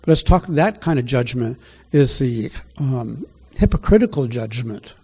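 Mellow-voiced man preaching a sermon. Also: medium pitch, lively intonation, a little slow, breathy edge. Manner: conversational, asks the listeners questions. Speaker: pastor. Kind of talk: sermon Bible teaching.

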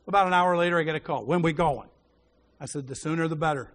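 A man preaching a sermon, telling a story and acting out the voices in it, dropping to a hushed voice when he quotes a prayer. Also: on the high side, rapid-fire. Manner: animated storyteller who acts out the dialogue.

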